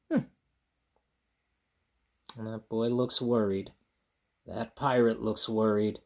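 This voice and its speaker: A man's voice: mid-range voice, steady tone, slow pace, gravelly, pauses often, fairly bright tone, echoey room. A man teacher chatting playfully with young children and reading a picture book aloud, recorded on a phone propped on a table. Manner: silly, upbeat and chatty. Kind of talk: playful read-aloud and chat to young kids.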